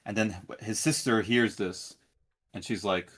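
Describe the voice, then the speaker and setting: Man guest, earnest storyteller, low-pitched, stumbles and restarts. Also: steady tone, measured pace, fairly bright tone. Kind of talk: casual storytelling.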